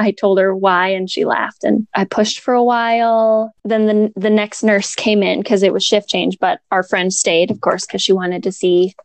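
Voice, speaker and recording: A young woman tells a long personal story in relaxed conversation, laughing often and leaning on "like" as a filler. Her voice sits mid-range and sounds close and dry, with no room sound around it. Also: mid-range voice, normal speed, few pauses, no room sound. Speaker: new mother telling her birth story. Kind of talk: casual storytelling chat.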